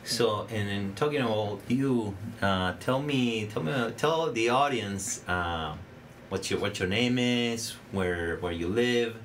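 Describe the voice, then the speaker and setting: Hesitant low-voiced male podcast host. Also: takes it slowly, few pauses, fairly bright tone, a little hiss or hum. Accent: Spanish. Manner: hesitant, many fillers and restarts. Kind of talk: casual interview chat.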